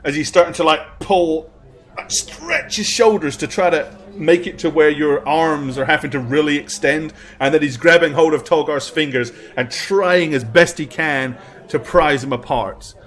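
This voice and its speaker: A man narrates a tabletop game as game master, using many fillers. His voice is a little high and fairly bright in tone, at a moderate pace.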